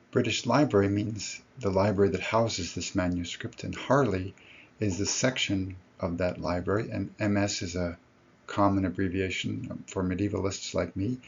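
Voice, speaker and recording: A man's voice: low-pitched, vocal fry, darkish tone, husky, muffled recording. A man giving a recorded lecture to his students, explaining step by step and correcting himself as he goes.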